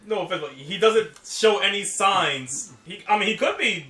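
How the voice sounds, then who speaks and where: A man co-hosting a casual chat, blunt and quick to laugh, filling his talk with "like.". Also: sits high, expressive, sharp tone, far from the mic. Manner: laughs often, blunt, says "like" a lot. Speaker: podcast co-host playing a game. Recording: roomy echo.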